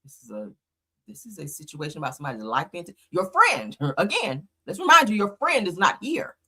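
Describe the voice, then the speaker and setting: A woman's voice: lowish voice, huge pitch swings, a little fast, pushed and bright, breathy edge. A woman hosting a commentary channel, reacting bluntly and skeptically and swearing freely.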